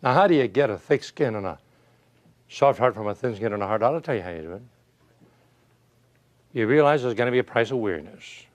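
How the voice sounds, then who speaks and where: An older man giving a motivational talk, telling folksy stories and asking rhetorical questions, swinging from loud to hushed. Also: medium pitch, animated, fairly quick, long pauses. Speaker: motivational speaker. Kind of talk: motivational speech.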